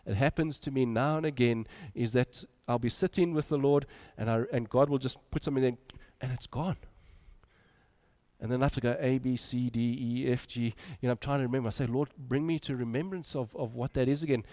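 A man preaching a sermon, moving between loud urging and quiet, soft drops. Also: medium pitch, steady tone, brisk.

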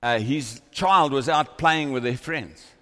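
A man's voice: medium pitch, a little slow, pushed and bright, long reverb tail. A man preaching a sermon to a congregation, praying and storytelling with fervent, rising intensity. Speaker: pastor. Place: church hall with congregation. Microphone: microphone on a stand.

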